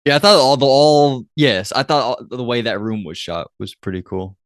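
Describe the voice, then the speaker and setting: A podcast co-host speaks at a medium pitch and moderate pace in a dry, clean studio recording. His casual conversation wanders, with frequent restarts and fillers.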